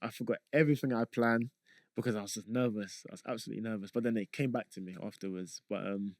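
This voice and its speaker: A young man talking as a guest on a podcast, relaxed and rambling, with frequent fillers. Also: fairly low pitch, fast talker, dry recording. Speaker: guest, content creator. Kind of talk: casual podcast chat.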